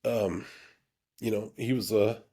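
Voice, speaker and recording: A man's voice: lowish voice, fairly even intonation, warm tone, husky. A man hosting his own channel, telling a personal story with candor. He often stops and restarts his sentences and leans on fillers. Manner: halting, full of restarts and fillers; earnest and emotionally open. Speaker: YouTube channel host.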